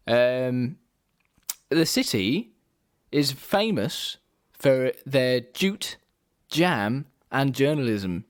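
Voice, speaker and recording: Lively, animated man co-hosting a podcast. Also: mid-range voice. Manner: lively, chatty, quick to laugh. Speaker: podcast co-host. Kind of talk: casual podcast chat.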